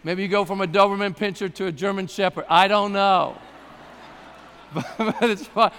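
A man's voice: sits high, moderate pace, fairly bright tone, a little hiss or hum. A middle-aged man, a pastor, preaching a sermon in a conversational, joking way that builds to emphatic passages. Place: church service hall. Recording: live sermon with long hall reverb.

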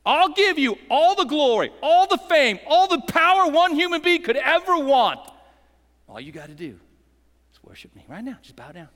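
A male pastor voicing the devil as a smooth, coaxing tempter making a deal, with an echoey hall sound. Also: very high voice, very animated, normal speed, fairly bright tone, voice pushed up, heavily acted. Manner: coaxing, wheedling offer.

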